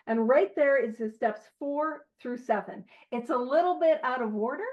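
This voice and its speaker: High-voiced woman cracking jokes at herself while leading a study group, kinda muffled lo-fi sound. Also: normal speed. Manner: animated, joking, self-deprecating. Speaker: study leader. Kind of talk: recovery book study talk. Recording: dull lo-fi recording.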